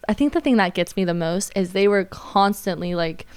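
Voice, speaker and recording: A woman's voice: normal speed, smooth. A young woman, a waitress, telling stories in casual chat and acting out the people in them. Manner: animated, acts out quotes in high voices. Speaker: podcast guest, waitress.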